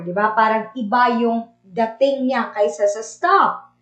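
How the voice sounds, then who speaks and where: A woman's voice: on the high side, measured pace. A woman teaching a grammar review lesson, explaining step by step with Tagalog asides. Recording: echoey room.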